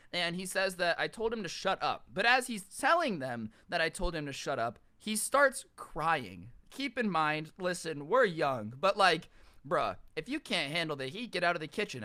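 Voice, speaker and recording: A man telling a childhood story as a YouTuber, animated, ranting and sarcastic. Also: a little high. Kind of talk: casual storytime rant.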